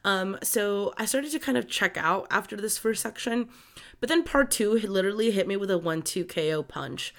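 A young woman co-hosts a book podcast in a loose, conversational way. She talks with open feeling and drops frequent "um"s and "like"s as she retells a story. Her voice sits at an ordinary middle pitch. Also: lively intonation, moderate pace. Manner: emotional, lots of fillers like "um" and "like". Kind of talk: casual book discussion.

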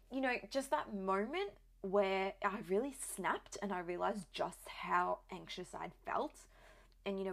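A woman's voice: mid-range voice, vocal fry. A young adult woman, a new mother, telling her own story in a candid, chatty way with lots of "like" fillers. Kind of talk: casual personal storytelling.

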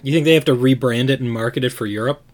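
A man's voice: medium pitch, fast talker. A man hosting a casual gaming podcast, playing it up like a sports announcer. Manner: playful mock sports-announcer delivery. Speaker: podcast host.

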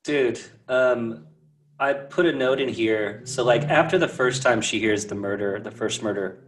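A man co-hosting a podcast, chatting casually about a film, chiming in with quick jokes and laughing a lot. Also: medium pitch, slight background noise. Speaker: podcast co-host. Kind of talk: casual movie chat.

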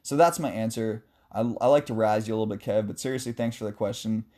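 A man hosting a casual sports talk show, answering a listener's question in a chatty, joking way with animated asides. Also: fairly low pitch, quick pace. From West Coast of the US.

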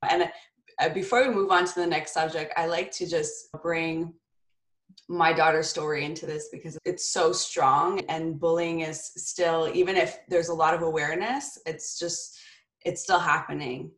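A woman's voice: deep voice, fairly even intonation, moderate pace, a bit bright. A woman telling earnest personal stories in casual conversation, often restarting her sentences. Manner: earnest, storytelling, frequent restarts. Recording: echoey room.

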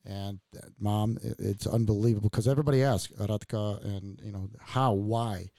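A man's voice: fairly low pitch, fairly even intonation, normal speed, mellow, no echo. A man hosting a podcast, telling family stories in a rambling, laughing way with many fillers. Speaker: podcast host. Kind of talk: casual heartfelt chat.

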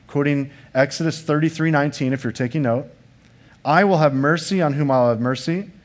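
A pastor preaching a sermon to his congregation, earnest and emphatic, posing rhetorical questions and speaking to the listeners in conversational asides. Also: fairly high pitch.

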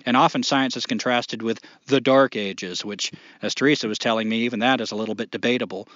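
Blunt, emphatic man in casual conversation, middle pitch, dry close sound. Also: steady tone, a bit bright, no echo, dull audio. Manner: emphatic, swears, slow deliberate pauses.

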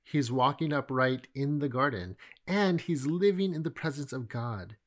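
A middle-aged man teaching from the Bible in a relaxed, conversational way, with animated storytelling. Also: medium pitch, moderate pace.

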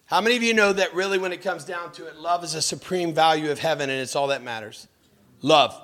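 A male pastor preaching with a voice set a bit high for a man. He talks like he is telling a story, keeps asking the audience questions, and slips into over-the-top voices to act out what he once thought. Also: fast talker. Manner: lively storytelling preacher who jumps into mocking voices; asks the audience direct questions. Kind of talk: sermon.

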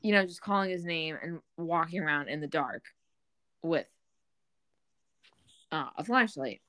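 Low-voiced young woman telling a story. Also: a little slow, dry recording. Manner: relaxed storytelling, many fillers. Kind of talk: casual chat.

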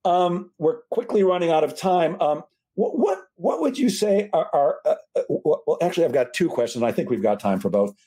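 A man hosts an interview podcast with a warm, mellow tone that sits a little high. He talks animatedly, often stumbling and restarting his sentences, and pokes fun at himself. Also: sing-song, brisk, hardly any pauses, rough recording. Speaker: podcast host. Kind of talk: interview conversation.

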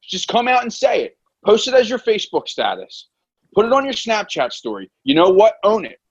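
An American man rants in an exasperated, profane way in a casual chat. His voice sits a little higher than most men's. The recording sounds dull and lo-fi. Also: wildly swooping pitch, brisk, slightly rough. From United States.

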